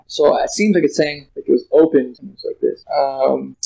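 Casting note: higher-pitched man, relaxed study leader, alternates scripture reading with loose chatty commentary. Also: fairly quick, creaky, few pauses, rough recording. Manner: reads archaic verses aloud, then explains casually with fillers and restarts. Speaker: Bible study teacher.

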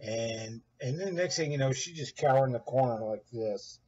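A man casually telling a rambling story, animated, quoting others in a raised voice, with a husky voice. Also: mid-range voice, moderate pace, muffled recording. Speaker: guest recounting events.

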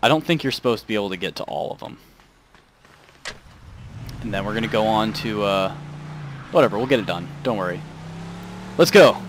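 A young man commentating a video game playthrough, muttering asides and breaking into loud swearing outbursts. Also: on the low side, lively intonation, brisk, long pauses, slight background noise. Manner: swings between mumbled asides and loud angry outbursts, swears a lot. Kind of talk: let's play commentary.

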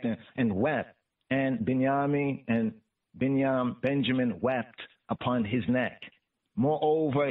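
A man hosting a podcast, reading scripture slowly in Hebrew and then English, repeating words and using "I" for "me" and "you". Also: mid-range voice. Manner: uses Rastafari "I" speech in place of "me" and "you". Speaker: scripture reader and podcast host. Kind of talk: slow devotional scripture reading. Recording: tinny phone-line call-in recording, distant from the mic.

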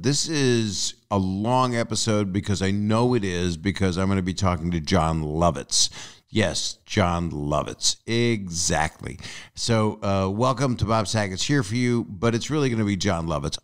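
A man's voice: fairly low pitch, clear, resonant tone. A man in his sixties hosting a podcast, chatting casually and joking at his own expense. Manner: joking, self-mocking, playful. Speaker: podcast host.

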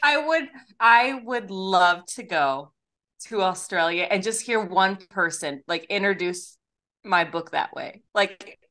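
A woman's voice: mid-range voice, animated, slow, bright, forceful tone. A woman chatting casually as a podcast guest, playful, laughing easily and swearing casually. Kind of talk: casual chat.

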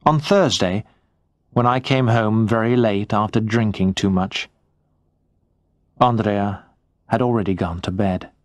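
A man narrating a first-person story for English learners in a slow, clear, measured reading. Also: lowish voice, no echo.

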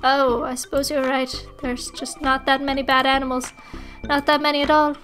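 A woman's voice: sits high, flat delivery, moderate pace, a bit bright, soft background music. A woman voicing a prim, kindly female coworker who talks formally with a put-on foreign-sounding accent and calls people "dear". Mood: stern disappointment.

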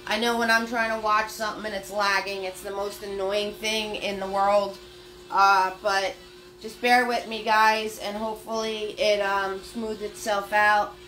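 A woman's voice: medium pitch, level tone, a little slow, pushed and bright, soft background music. A woman leading a live-streamed painting class, chatty and upbeat as she talks viewers through each step. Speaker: paint party instructor.

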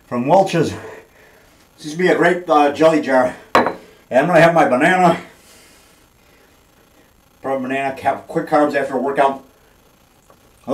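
A man in a casual home video, talking loudly and boastfully in a goofy, joking way. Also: mid-range voice, reverberant, a little hiss or hum. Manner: boastful, loud and goofy, jokey. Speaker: vlogger.

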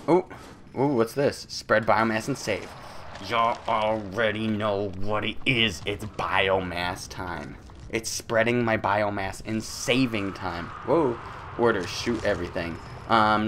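A man giving playful let's-play commentary, goofy and taunting, with sudden loud outbursts. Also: lowish voice, slight background noise. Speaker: gameplay commentator.

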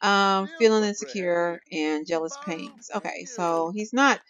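A woman's voice: lowish voice, measured pace, highs cut off. A woman hosting a gaming video, giving chatty commentary and talking straight to her viewers. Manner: chatty, animated, addresses viewers as y'all. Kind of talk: casual let's-play commentary.

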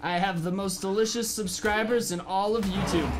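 A man giving excited gameplay commentary as a gaming video host, animated, with crude jokes and sudden yells. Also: high-pitched, normal speed, background noise. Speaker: gaming YouTuber.

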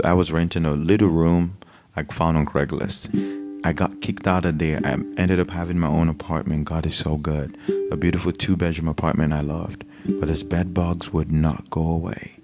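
A very deep-voiced male preacher delivering a fervent, unscripted sermon and prayer. Plucked guitar music plays clearly behind him throughout. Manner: impassioned, spontaneous, rising to shouts. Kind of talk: sermon with prayer and worship singing.

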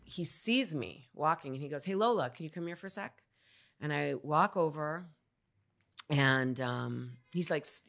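Low gravelly woman on a podcast, chatty storytelling, acts out the quotes loud. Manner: animated, re-enacting quotes in a loud voice. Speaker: podcast guest recounting a story. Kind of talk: casual storytelling interview.

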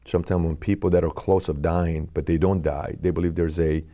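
A man's voice: low-pitched, flat delivery, brisk, mellow. A middle-aged man, a podcast guest, telling a personal story in an earnest, questioning way.

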